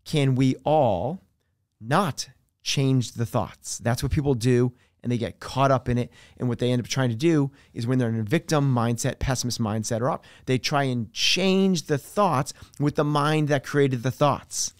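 Coach guy on a podcast, earnest, explains with everyday examples, mid pitch, dry close sound. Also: moderate pace, no echo. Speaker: podcast guest, fitness coach. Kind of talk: conversational podcast interview.

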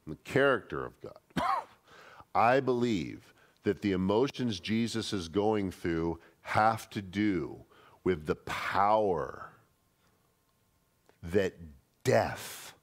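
A man, a pastor teaching a Bible study in a conversational, emphatic way. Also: fairly low pitch. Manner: conversational and emphatic, acting out quoted speech.

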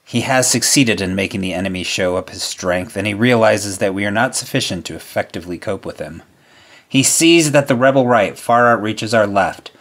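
A man reading a wartime memoir aloud as solemn, measured narration, letting his voice drop at the ends of lines. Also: on the low side, a bit bright. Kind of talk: scripted narration.

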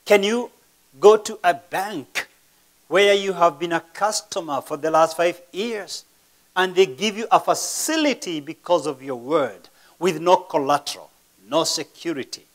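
Preaching as a pastor, a man with a slightly high voice poses rhetorical questions to the congregation. He uses dramatic pauses and swings sharply between loud and soft.

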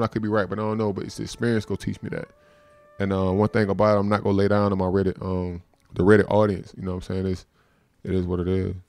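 Laid-back low-voiced man on a livestream. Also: a little mellow. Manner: laid-back, loose and profane, repeating filler phrases. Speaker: livestream host. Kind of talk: casual livestream chat.

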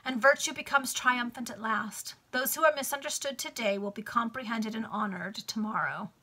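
A woman's voice: fairly high pitch, normal speed, sharp tone, slightly rough. A woman reading the lines of an affectionate, hopeful young noble daughter in a book read aloud over a video call. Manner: hopeful, earnest.

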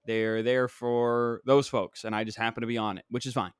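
A young stand-up comedian co-hosting a podcast, joking around in a loose, laid-back way. His voice sits at a middling pitch, recorded close with a dry sound and no room echo. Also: level tone, moderate pace, clean tone. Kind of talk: casual podcast banter.

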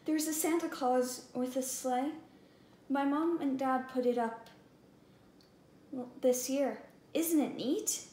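A woman's voice: sits high, takes it slowly, warm tone. A woman doing a frantic little girl. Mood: excited. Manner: pleading, rising to a wail. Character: anxious little girl searching for presents. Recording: echoey room, faint background hum.

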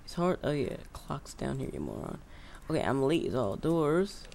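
A man giving casual let's-play commentary, rambling and cursing as he talks to himself, with loud game sounds behind him. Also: mid-range voice, huge pitch swings, moderate pace, gravelly. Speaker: gameplay commentator. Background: bus engine and traffic noise from the game.

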